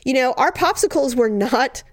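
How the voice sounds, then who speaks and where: A woman hosting a podcast in casual chat, talkative and animated, filling her talk with "you know" and "like" as she reads out listener stories. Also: high voice, normal speed, dry recording. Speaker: podcast host.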